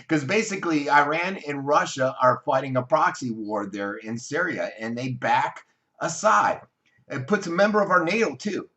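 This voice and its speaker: A man's voice: medium pitch, fairly bright tone. An American man giving casual, opinionated online news commentary, rambling and correcting himself as he goes.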